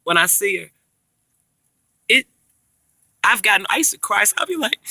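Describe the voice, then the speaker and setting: A middle-aged woman talks straight to the camera in a loose, rambling vlog chat, jumping from story to story. Her voice sits high with a gravelly fry, and it sounds dry and close. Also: normal speed, long pauses, dry recording. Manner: rambling, animated storytelling with slang. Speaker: vlogger. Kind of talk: casual chat.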